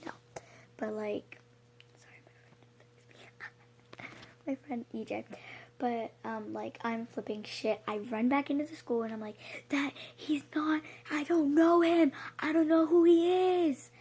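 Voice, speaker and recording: Husky young woman with vocal fry. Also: on the high side. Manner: breathless, emphatic retelling with frequent swearing and fillers. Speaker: vlogger. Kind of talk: casual storytime vlog.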